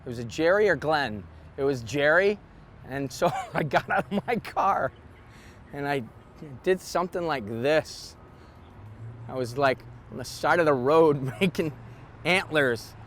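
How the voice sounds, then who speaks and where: A man with a somewhat high voice tells an anecdote to the interviewer and laughs softly as he goes. His delivery is loose and conversational. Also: lively intonation, a little slow, slight background noise. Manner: chuckling anecdotal storytelling. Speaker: comedian. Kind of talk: interview storytelling.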